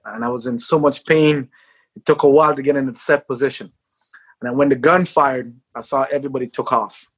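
A man, a former sprinter, telling his life story in an interview, acting out quotes and shouting at the peaks. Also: medium pitch, breathy edge.

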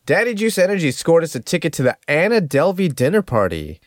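A man's voice: fairly high pitch, very animated, a little fast, dry recording, studio quality. A man hosting a comedy podcast, joking and introducing the cast in a theatrical way. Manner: joking, theatrical host patter. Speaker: podcast host. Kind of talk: casual chat.

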